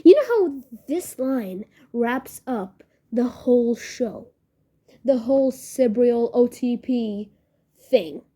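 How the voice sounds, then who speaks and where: A young woman hosts a casual podcast review in a warm, soft-toned voice that sits a little high. She gushes and rambles, working through her strong feelings with lots of filler words. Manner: gushing, emotional, rambling with many "like"s. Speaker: podcast host reviewing a series.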